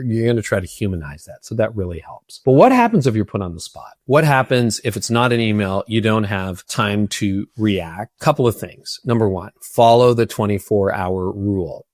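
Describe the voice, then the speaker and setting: A middle-aged man with a fairly low voice talks earnestly to the camera, offering practical advice to church leaders. His delivery is conversational, and he often repeats a word while finding the next thought. The sound is dry, with little room echo. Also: a little mellow. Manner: earnest, repeats words when thinking.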